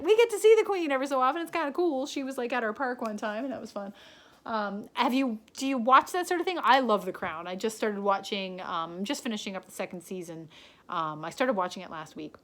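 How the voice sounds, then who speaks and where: A woman from Canada chatting casually to a pen pal on video, rambling with lots of ums and restarts. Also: medium pitch.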